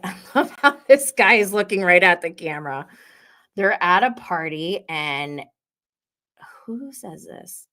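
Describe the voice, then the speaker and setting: Woman, young adult, live show host, chatty, giggly, reads viewer comments aloud, lively swooping pitch. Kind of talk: live show recapping reality TV.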